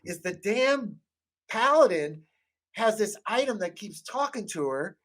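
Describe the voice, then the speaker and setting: A man's voice: high voice, sing-song, unhurried, a bit bright. A man in casual podcast chat about tabletop games who rambles, swears and acts out quotes from his table. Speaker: podcast guest or host talking tabletop games.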